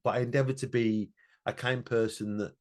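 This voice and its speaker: A man's voice: mid-range voice, steady tone, a little fast. Earnest man telling a story. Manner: earnest, reflective storytelling with many restarts. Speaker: podcast co-host. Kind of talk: emotional casual chat.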